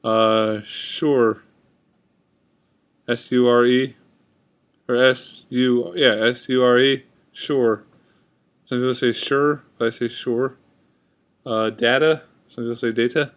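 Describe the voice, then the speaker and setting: A man's voice: mid-range voice, steady tone, slow pace, long pauses. A man in a casual video, reading words off a list on his computer and chatting about how he pronounces them. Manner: reads word list, comments offhand. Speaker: vlogger. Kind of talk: casual accent tag video. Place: indoors at a computer. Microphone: webcam at computer.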